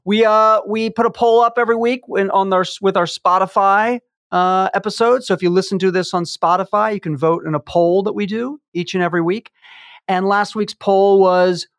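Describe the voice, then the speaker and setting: A man's voice: high-pitched, dry recording, studio quality. A man in his fifties hosting a podcast, bantering playfully in casual chat. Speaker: podcast host.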